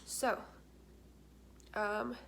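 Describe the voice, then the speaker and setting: A woman's voice: mid-range voice, level tone, very slow, vocal fry, noisy background. A young adult woman vlogging in casual chat, candid and talkative, with frequent filler words.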